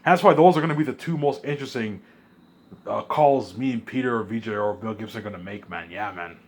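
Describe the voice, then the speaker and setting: A man rambling in an excited monologue, often repeating himself and restarting his sentences. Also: fairly low pitch, fast talker. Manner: excitable, repeats himself, puts on voices of others. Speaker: vlogger.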